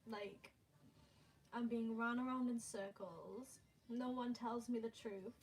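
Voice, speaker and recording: Distraught young woman rambling, slow and highish. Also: fairly even intonation, low-quality recording. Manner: nervous laughter and distressed rambling with many fillers. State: emotionally distraught. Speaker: livestreamer. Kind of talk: casual livestream chat.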